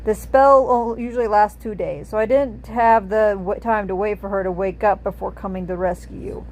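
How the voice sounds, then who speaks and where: A woman's voice: mid-range voice, steady tone, normal speed, darkish tone, a little hiss or hum, close to an everyday voice, poor audio. A woman reading aloud and voicing a cold, disdainful female banshee sorceress who talks in a curt, haughty way.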